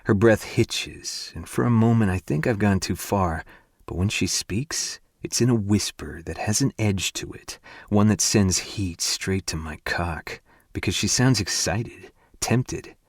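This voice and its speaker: A man narrating a first-person romance audiobook in an intimate, hushed and breathy way. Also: on the low side, unhurried, no echo, clean studio sound.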